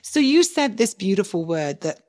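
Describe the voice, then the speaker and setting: A woman's voice: medium pitch, sing-song, moderate pace, darkish tone. A woman from England with an English accent, hosting a podcast in an effusive, flowing way. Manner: effusive, flowing, repeats words. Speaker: podcast host. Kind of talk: casual podcast conversation.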